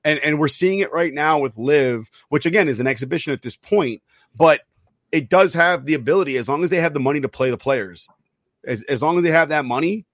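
A man co-hosting a sports podcast in casual chat, excitable and profane, often laughing at his own stories. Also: on the high side, fairly quick, no echo, clean studio sound. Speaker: podcast co-host.

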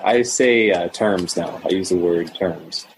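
A man's voice: low-pitched, a little slow, slight background noise, rough recording. A young man talking casually as a podcast guest, rambling with many fillers and restarts. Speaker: podcast guest, Mandarin learner. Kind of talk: casual conversation.

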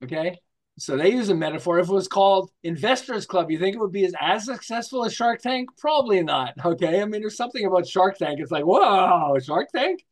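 High-voiced, animated older man. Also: quick pace. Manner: animated, acts out quotes, keeps checking in with "okay?". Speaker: marketing guest. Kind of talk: storytelling interview talk.

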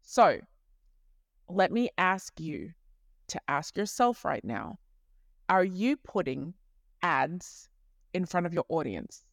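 A woman hosting a podcast in a chatty, animated monologue, often correcting herself mid-sentence. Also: fairly low pitch, dry recording, clean studio sound. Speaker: podcast host.

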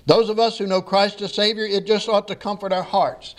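A man's voice: sits high, level tone, fairly quick. A man preaching a sermon to his congregation, reading scripture and then joking with the people in a folksy way. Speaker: pastor. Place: church sanctuary.

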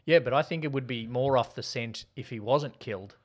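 Male podcast co-host, mid pitch, dry and quick with trivia. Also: a little hiss or hum. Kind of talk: casual film chat.

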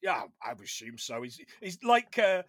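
A man's voice: a little high, big pitch swings, normal speed, a bit bright, no room sound, clean studio sound. A man, co-hosting a casual film podcast, swearing and laughing often. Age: 40s. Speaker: podcast co-host.

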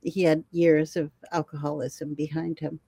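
An older woman, a herbalist guest, telling animated stories in a conversation and laughing often. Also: low-pitched, normal speed, breathy edge, no echo. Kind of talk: storytelling in a conversation.

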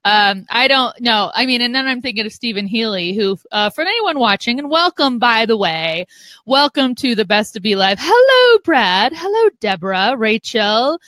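A woman's voice: fairly high pitch, very animated, bright, forceful tone, no room sound. A woman co-hosting a live video show, chatting casually and playfully with her co-host and viewers. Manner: playful and chatty, quick to joke. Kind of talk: casual live-stream chat.

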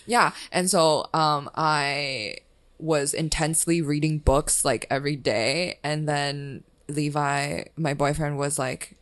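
A woman's voice: deep voice, steady tone, takes it slowly. A woman in her twenties, a comedian co-hosting a podcast, chatting casually in a rambling, giggly way. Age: 20s. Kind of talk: casual chat.

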